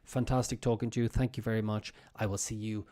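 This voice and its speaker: A man's voice: on the low side, flat delivery, fast talker, dark tone. A man hosting a casual livestream English lesson, patiently repeating words and phrases for learners in a loose, chatty way. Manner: loose and chatty, many fillers. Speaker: English teacher and stream host.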